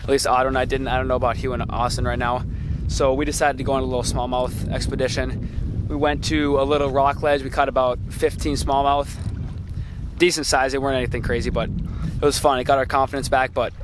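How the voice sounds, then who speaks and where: A young man talking casually and excitedly while fishing from a boat on a lake, often exclaiming and swearing. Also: medium pitch, brisk, background noise. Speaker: vlogger. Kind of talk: casual outdoor fishing vlog. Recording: loud music under the voice.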